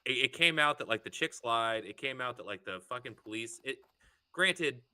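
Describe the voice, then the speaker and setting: A young man in casual chat while gaming over online voice chat, rambling through animated stories with many fillers. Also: mid-range voice, moderate pace, clear, resonant tone. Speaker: streaming co-player.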